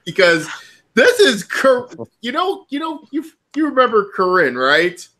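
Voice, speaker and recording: A man co-hosting a casual chat show, animated and stumbling over his words as he talks. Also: extremely high pitch, unhurried. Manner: animated, stumbling and restarting, swearing freely. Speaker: podcast co-host.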